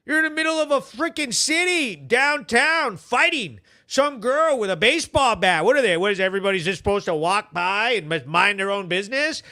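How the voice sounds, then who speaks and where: A man hosting a news show, ranting in loud, blunt, casual commentary with swearing. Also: sits high, animated, brisk, hardly any pauses.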